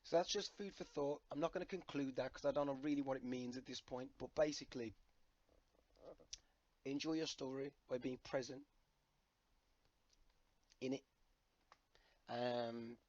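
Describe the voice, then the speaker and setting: Rambling, swearing man, lo-fi. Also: mid-range voice. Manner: rambling, jokey, swears freely. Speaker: vlogger. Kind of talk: casual rambling monologue.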